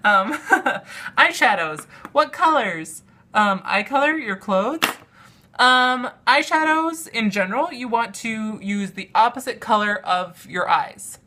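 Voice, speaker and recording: A woman's voice: mid-range voice, pushed and bright. A young woman vlogging about her makeup in a casual, rambling chat full of fillers, showing products as she talks. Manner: chatty and rambling, lots of "um" and "like", laughs often; demonstrates products while talking.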